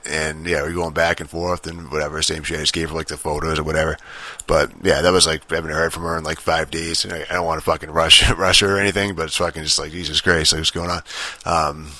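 A man's voice: extremely low pitch, bright, forceful tone, no echo. A man hosting a podcast, telling a long story in a casual, profane, rambling way with many fillers and restarts. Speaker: podcast host.

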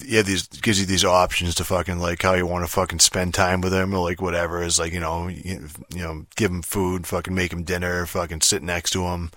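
A man's voice: low-pitched, bright, forceful tone, dry recording, clean studio sound. A man casually retelling a video game, rambling with heavy swearing, fillers and restarts.

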